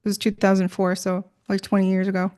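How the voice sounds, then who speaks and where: A woman's voice: mid-range voice, monotone, fast talker, darkish tone. A middle-aged woman telling a personal story in a casual, rambling way, with many fillers and restarts. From Minnesota.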